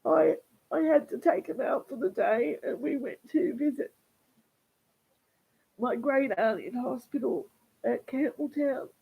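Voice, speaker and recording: A woman vlogger talking in a rambling, halting livestream monologue, often repeating words. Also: sits high, gravelly, breathy edge, phone-quality sound.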